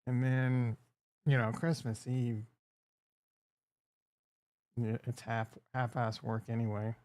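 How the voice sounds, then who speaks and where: A man's voice: medium pitch, flat delivery, slow, a little mellow, no echo, clean studio sound. A man hosting a casual livestream, rambling and crude as he jokes with his chat. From Upper Midwest. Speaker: livestream host.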